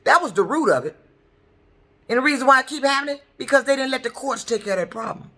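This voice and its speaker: A middle-aged woman vents hard to camera, her voice bright and sharp-edged as it swings wide between high and low. She rants in a profane, repetitive stream, circling back to the same points again and again. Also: animated, quick pace. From Detroit, US. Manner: heated, profane, repetitive ranting. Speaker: truck driver. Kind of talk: angry ranting vlog.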